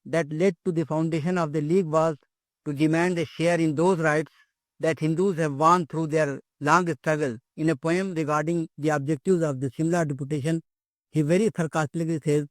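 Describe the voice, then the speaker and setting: A man's voice: fairly high pitch, steady tone, moderate pace, no echo. An older man giving an academic lecture, hesitant, with many fillers and repeated words.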